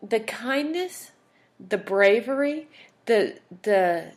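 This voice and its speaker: A woman's voice: on the high side, animated, takes it slowly. A woman hosting a podcast, telling a personal story in a candid, emotional, chatty way. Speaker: podcast host.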